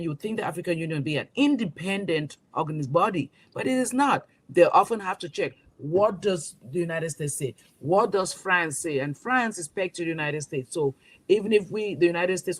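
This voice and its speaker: A woman from Cameroon, a magazine publisher, speaking as an interview guest with emphatic rhetorical questions and frequent restarts. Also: lowish voice. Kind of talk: impassioned interview talk.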